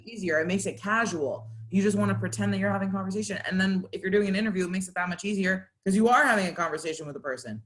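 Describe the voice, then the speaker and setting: A woman on a video call talks fast and easily, coaching others with practical tips. She laughs at herself and keeps it casual. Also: mid-range voice, a bit bright. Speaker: guest presenter.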